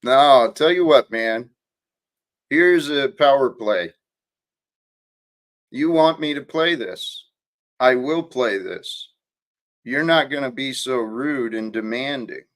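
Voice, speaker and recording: Slow, calm-spoken male livestream host. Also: mid-range voice. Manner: calm, soothing, speaks slowly. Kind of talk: casual livestream chat. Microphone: video call.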